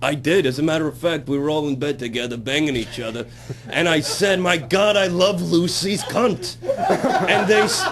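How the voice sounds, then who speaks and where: A brash, crude old-time male comic, played by a man, bragging about his conquests in raunchy roast banter. He talks a little high, pushes through his own laughs, and a faint hum sits under the line. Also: lightly acted. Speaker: guest comic character. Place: strip club, via satellite.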